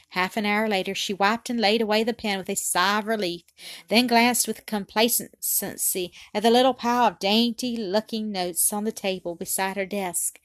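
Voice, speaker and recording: A woman narrating a classic story as an audiobook, reading in an even, unhurried way. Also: mid-range voice, no room sound.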